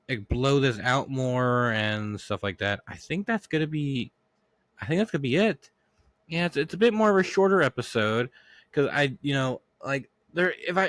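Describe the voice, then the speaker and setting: A man's voice: mid-range voice, a bit bright, dry recording. A man hosting his own podcast alone, talking casually and rambling with many restarts, still getting over a cough. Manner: rambling, lots of restarts and fillers. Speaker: podcast host. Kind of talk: casual solo podcast monologue.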